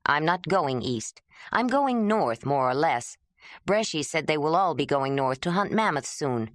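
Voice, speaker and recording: A woman's voice: deep voice, dry recording, clean studio sound. Woman voicing a grieving young man. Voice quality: pleading, emotional. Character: proud young man, grieving, restless wanderer.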